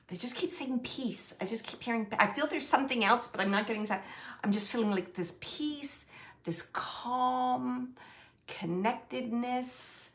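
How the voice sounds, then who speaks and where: A woman working as a medium, giving a gentle spirit reading to a sitter, halting and searching as she relays messages, with many fillers and restarts. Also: on the high side. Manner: gentle and reassuring. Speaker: psychic medium.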